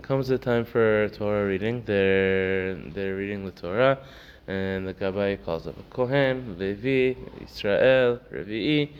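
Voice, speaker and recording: Male Torah teacher, low register, casual storytelling; muffled lo-fi recording. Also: steady tone, unhurried, few pauses, smooth. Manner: storytelling, acts out characters, many fillers. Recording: dull lo-fi recording with faint noise.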